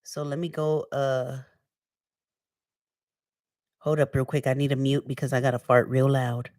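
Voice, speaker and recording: A woman's voice: rumbling low, flat delivery, unhurried, darkish tone, no room sound, studio quality, recorded from a distance. A woman hosting a casual livestream, talking over her topic in a slangy, easygoing way and calling her viewers y'all. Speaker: livestream host. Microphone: wearing earphones on a stream setup.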